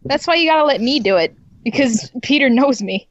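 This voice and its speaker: A woman's voice: sits high, animated, brisk, dry recording. Giggly woman guest on a dry lo-fi call. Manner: giggly, trails off with fillers. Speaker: podcast guest. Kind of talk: casual chat.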